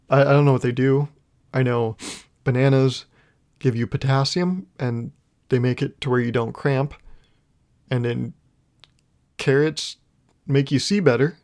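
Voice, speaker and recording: A man's voice: mid-range voice, creaky, darkish tone. A young man hosting a solo podcast, rambling through a casual comedic monologue and laughing at his own jokes. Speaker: podcast host.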